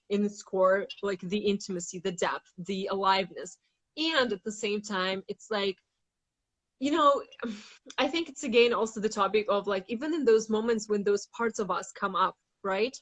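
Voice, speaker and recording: Frank, filler-heavy woman guest; casual spiritual chat. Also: mid-range voice. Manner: rambling with many "like" fillers, frank and blunt with swearing; acts out inner voices dramatically. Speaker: guest facilitator.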